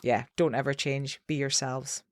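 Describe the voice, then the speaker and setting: A woman's voice: extremely low pitch, steady tone, moderate pace, dry recording, clean studio sound. A woman hosting a podcast, encouraging her guests and laughing often. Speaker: podcast host. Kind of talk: casual podcast chat.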